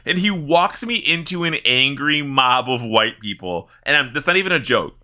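A man co-hosting a podcast and spinning an animated story. His voice is very bright and forceful, and his pitch swings widely. He laughs often and swears freely. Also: normal speed. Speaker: podcast co-host. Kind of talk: casual chat.

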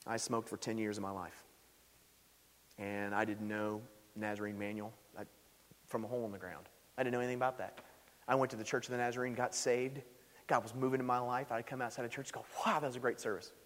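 A man preaching a sermon in a church sanctuary, telling stories in an animated way and rising loud when stirred. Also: mid-range voice, a little fast. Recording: echoey hall.

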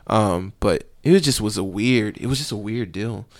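A man's voice: on the low side, normal speed. A man who is a police officer, telling stories in a loose, rambling way in an interview. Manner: loose, rambling, with many fillers. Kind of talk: casual storytelling in an interview.

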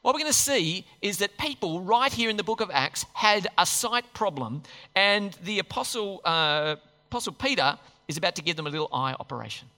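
A man preaching a sermon, animated, putting questions to his listeners as he works through a Bible passage. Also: sits high, brisk, in a large hall. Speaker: pastor.

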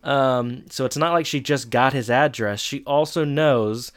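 Male co-host, medium pitch, clear resonant tone, laid-back dry storyteller. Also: measured pace. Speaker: podcast co-host. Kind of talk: casual chat recapping a TV episode.

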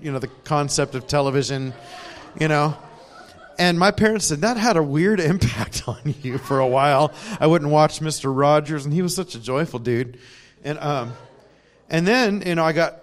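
A man giving a conversational sermon in a church, telling stories with self-deprecating humor and laughs. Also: on the high side. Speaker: preacher.

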